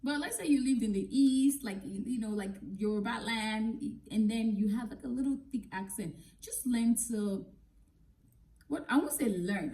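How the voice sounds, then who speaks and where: Nigerian-born woman teacher vlogging, warm mellow voice, blunt straight-talking tips. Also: fairly high pitch, rough recording. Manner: frank, direct, blunt advice with casual asides. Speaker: English teacher and vlogger giving advice. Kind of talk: casual advice to camera.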